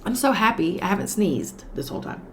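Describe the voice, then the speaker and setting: A woman's voice: medium pitch, animated, a little fast, noisy background. A woman giving a casual tarot reading while sick with a cold, talking in a chatty, sassy way and swearing now and then. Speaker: tarot reader.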